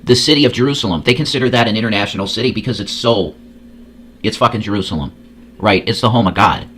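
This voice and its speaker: A lower-voiced man riffing through casual reaction commentary. He swears constantly and rambles, stumbling over repeated words. A faint noise sits under the recording. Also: fast, a bit bright. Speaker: host.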